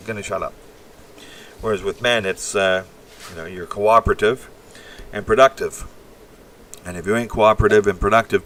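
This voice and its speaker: A man's voice: lowish voice, fairly bright tone, distant mic, slight background noise. Blunt, rambling man on a livestream. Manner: rambling, blunt and crude, reacting to the chat. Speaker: livestream host. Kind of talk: casual live-stream chat.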